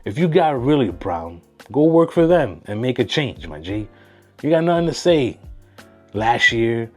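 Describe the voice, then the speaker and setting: A man casually talking through sports picks on his own channel, slangy and animated, dropping Spanish phrases. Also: mid-range voice, normal speed, soft background music. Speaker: sports vlogger.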